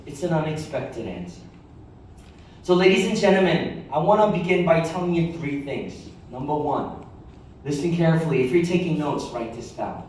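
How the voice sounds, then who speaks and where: A man's voice: on the high side, a little mellow. Male pastor preaching in an echoey hall. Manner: conversational, joking asides, repeats key lines. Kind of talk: sermon. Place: large echoey church hall with congregation. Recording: very echoey hall heard from far off.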